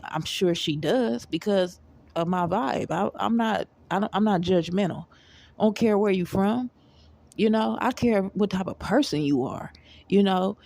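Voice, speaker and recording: Gravelly, mellow-voiced woman vlogger. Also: lowish voice. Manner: rambling, repetitive, emphatic. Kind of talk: casual motivational monologue.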